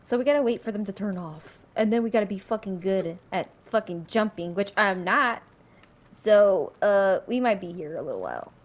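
Lively, excitable woman streamer. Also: medium pitch, normal speed, highs cut off. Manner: excitable, swears often, laughs, panicky outbursts. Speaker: livestreamer. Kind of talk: casual gameplay commentary.

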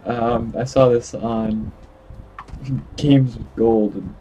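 Young male gaming host, giggly and stammering, unhurried delivery, light background noise. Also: mid-range voice, fairly even intonation, dark tone, rough recording. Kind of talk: casual gameplay commentary.

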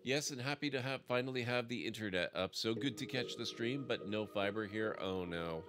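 A man's voice: fairly low pitch, a little fast. A man streaming a game and chatting with his viewers in a friendly, chatty way. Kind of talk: live game stream chat. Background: music.

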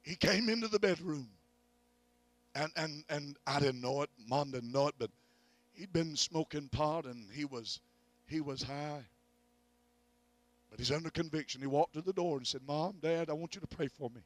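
A middle-aged evangelist preaching at a revival, telling a family story and rising to loud peaks of faith. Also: male voice, on the high side, normal speed, pauses often, dry recording. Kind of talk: revival sermon. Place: church.

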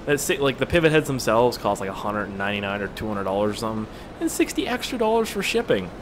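A man's voice: on the low side, big pitch swings, quick pace, background noise. A young man giving casual, profane commentary while playing a game. He rambles from topic to topic, sounds tired and is easily amused. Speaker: gaming video creator.

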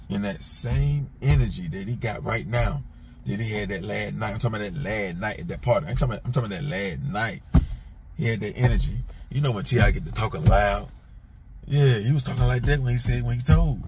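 A commentator hosts his own channel, speaking bluntly and casually, addressing the people he discusses directly in street slang and repeating himself often. His fairly low voice is brisk and a little mellow, with a bit of hiss or hum.

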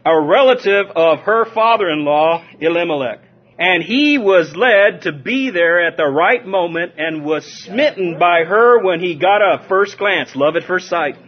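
A man from Southern California preaching a lively sermon, drawing call-and-response from his listeners and chuckling between points. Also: high-pitched, a little slow. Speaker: pastor. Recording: dull lo-fi sermon recording.

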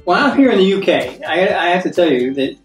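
An American man giving conversational Bible teaching, checking in with listeners through tag questions like "okay?" and slowing down to read scripture aloud. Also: high-pitched, big pitch swings, faint music behind. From United States. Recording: echoey room, voice from a distance.

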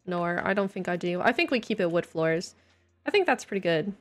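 A woman with a lowish voice live-streams a building game, chatting playfully and casually and reacting to her viewers. She talks fairly quickly with lively intonation, and faint game music plays in the background.

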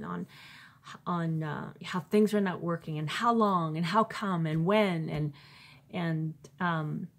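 Speaking in a lowish voice, this woman, a Christian author, shares her faith testimony casually. She stumbles through fillers and restarts, then voices her old thoughts in loud, emphatic bursts.

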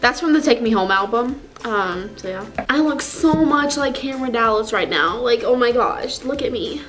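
A woman's voice: fairly high pitch, lively intonation, normal speed, a bit bright, poor audio. A woman playing a giddy, clueless fangirl. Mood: gushing. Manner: giddy, rambling, gasping fangirl talk. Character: gushing, clueless teenage girl fake fan. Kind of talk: comedy sketch character.

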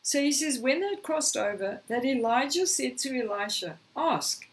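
A woman preaching a sermon, slightly hoarse, telling a scripture story and acting out the quoted lines. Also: high voice, expressive, moderate pace, far from the mic, low-quality recording. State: slightly hoarse, clearing throat.

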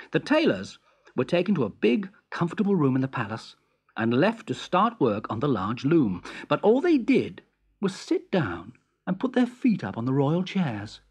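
A storyteller narrating a fairy tale in a clear, expressive reading voice. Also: mid-range voice.

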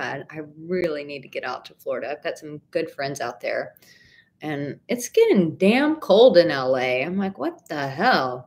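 A woman's voice: low voice, creaky, a little hiss or hum. Candid woman coaching on a live stream. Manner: candid, emphatic, swears casually; warm pet names for viewers. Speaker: relationship coach.

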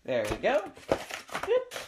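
A woman hosting a casual unboxing video, chatty and enthusiastic, her voice squeaky today. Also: huge pitch swings, slow pace, heavy background noise. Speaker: crafting video host.

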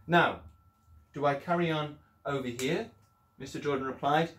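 A man's voice: mid-range voice, moderate pace, a bit bright. A male primary school teacher giving an upbeat, encouraging video lesson, sometimes acting out voices as he explains. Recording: echoey room.

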